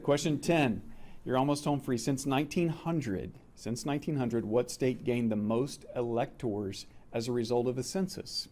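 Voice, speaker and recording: Male quiz host, mellow tone, unhurried, repeats questions. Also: medium pitch. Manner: reads questions slowly and repeats them. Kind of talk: casual quiz show chat.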